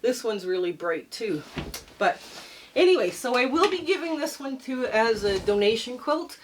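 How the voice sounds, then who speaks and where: A woman's voice: a little high, big pitch swings, normal speed, slight background noise, poor audio. Chatty middle-aged woman quilting vlogger. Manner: chatty, rambling, friendly sign-off. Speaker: quilting channel host. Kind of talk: casual show-and-tell vlog. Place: home sewing room.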